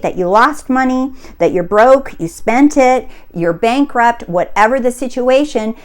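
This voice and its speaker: A woman coaching on spiritual wealth, speaking in an earnest, emphatic way and often asking if listeners see her point. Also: mid-range voice. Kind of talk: spiritual teaching talk.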